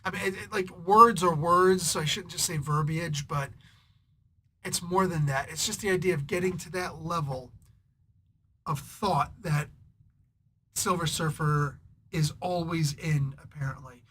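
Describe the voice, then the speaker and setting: A man hosting a comic book review, rambling in a casual, irritated way with sarcastic asides and frequent throat clearing. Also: on the high side, unhurried, pushed and bright, slight background noise.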